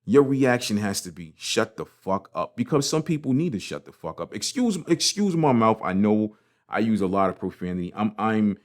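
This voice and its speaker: A man's voice: on the low side, expressive, brisk, a little mellow. Passionate, profane male podcast host. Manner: passionate, profane, repeats himself. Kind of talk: casual motivational monologue.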